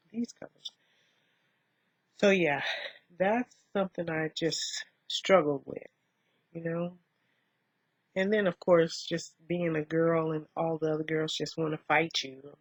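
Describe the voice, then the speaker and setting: A woman vlogger talking softly and reflectively in a rambling way while doing her makeup, in a dull lo-fi recording. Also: low voice, fairly even intonation, a little slow, pauses often, husky, dry recording. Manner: soft-spoken, rambling, musing.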